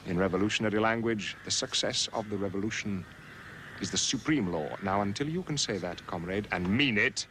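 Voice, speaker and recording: An actor playing a stern male revolutionary leader in a historical film, delivering a forceful lecture. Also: on the low side, fairly quick, slight background noise. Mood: stern, lecturing.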